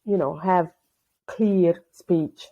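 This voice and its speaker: A woman who is not a native English speaker, chatting as a guest and telling stories with animated quotes. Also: fairly low pitch, drawn-out words. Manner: lively storyteller, acts out quotes. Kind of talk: casual conversation on a video call.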